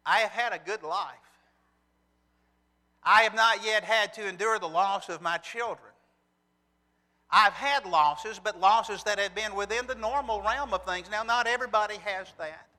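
A man with a high voice preaches an earnest sermon. He poses rhetorical questions and reads scripture aloud in a very bright, forceful tone. The sound carries a long hall reverb, as in a church sanctuary. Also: normal speed.

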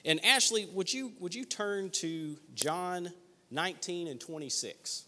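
A man's voice: high voice, unhurried, sharp tone, in a large hall. A man leading a Bible study group, teaching conversationally and thinking aloud with small restarts.

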